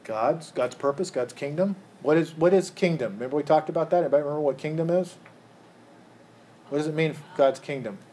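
A man's voice: a little high, fairly quick, warm tone, a little hiss or hum, poor audio. A man preaching a sermon to a live congregation, asking the room questions and restarting phrases as he goes. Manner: asks the room questions, repeats words while restarting. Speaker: pastor.

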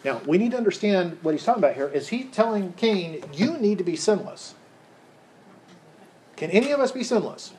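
A man's voice: high voice, expressive, fast talker, few pauses, darkish tone. A man teaching a Bible study in a chatty, conversational way, asking his group questions as he goes. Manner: chatty, asks the group questions, many restarts. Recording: roomy echo, faint background hiss.

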